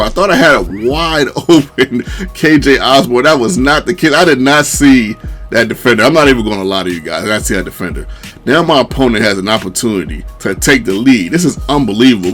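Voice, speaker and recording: A man commentates his own video game replay in a loose, slangy way, leaning on "man" and "you know." His pitch swings widely, shooting high when he quotes his own disbelief. Faint music plays underneath. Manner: animated, jumps to high pitch when quoting himself; relaxed slang, fillers like "man". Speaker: gaming commentator. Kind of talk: casual gameplay commentary.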